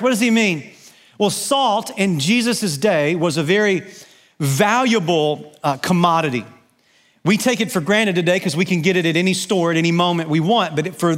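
A man's voice: sits high, fairly bright tone. A male pastor preaching an emphatic sermon, asking his congregation questions and shifting his pace to stress his points.

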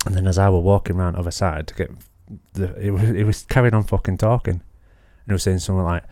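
A man, co-hosting a podcast and telling a story in a sweary, animated way. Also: low-pitched, fast talker, few pauses, dry recording, clean studio sound. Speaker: podcast co-host. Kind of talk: casual chat.

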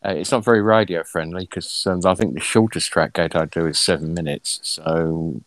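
A man's voice: low voice, steady tone, normal speed, no echo. A man, a musician guest on a small radio show, talking casually in a hesitant way with many fillers and restarts. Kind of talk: casual radio interview chat.

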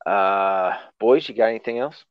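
A man's voice: on the low side, moderate pace, smooth, dry recording, dull audio. A man hosting a casual podcast chat, loose and profane, laughing often. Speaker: podcast host.

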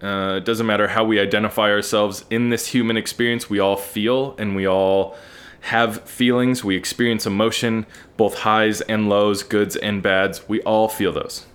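A man with a somewhat low voice hosts a solo podcast monologue. He speaks earnestly and frankly, reflecting out loud and tossing in casual swearing. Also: little pitch movement, normal speed. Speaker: podcast host.

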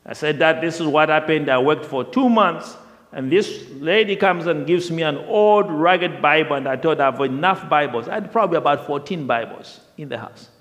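A man telling a personal testimony in a lively storytelling way, often repeating himself, with the long reverb of a large hall. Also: on the high side, moderate pace. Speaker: speaker sharing a testimony.

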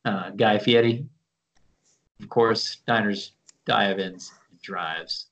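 A laid-back man chats casually as a podcast co-host and laughs easily. His voice is gravelly, with plenty of fry. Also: fairly low pitch, fairly even intonation, slow pace, a bit bright. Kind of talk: casual chat.

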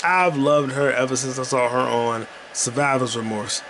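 A man's voice: medium pitch, fairly even intonation, normal speed, noisy background. Rambling, profane man chatting casually. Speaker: podcast host playing a video game. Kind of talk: casual gaming commentary.

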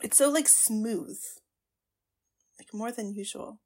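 Gushing, excitable woman reacting to a cartoon. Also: fairly high pitch, slow. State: tearful at times. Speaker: podcast host. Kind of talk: casual watchalong commentary.

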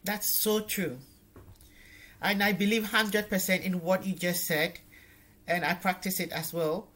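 A woman's voice: fairly low pitch, steady tone, measured pace, fairly bright tone. A woman hosting a casual talk, agreeing with her guest and adding her own view. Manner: affirming, brief agreements. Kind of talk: casual chat.

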